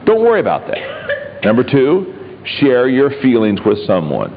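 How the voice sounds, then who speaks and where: A man preaching a humorous sermon, telling stories and cracking jokes in an animated way. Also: medium pitch, measured pace, slight background noise. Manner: animated storytelling, joking. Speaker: pastor. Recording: echoey hall, dull lo-fi sound.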